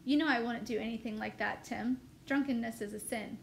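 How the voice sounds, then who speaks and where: A cocky young soldier-to-be from a storybook, proud of himself and quick to scold, as a woman reads him aloud. The voice stays high, with faint ambient noise behind. His lines are lightly voiced rather than acted. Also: fairly even intonation, creaky. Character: older brother, young man, proud and cocky. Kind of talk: reading a novel aloud.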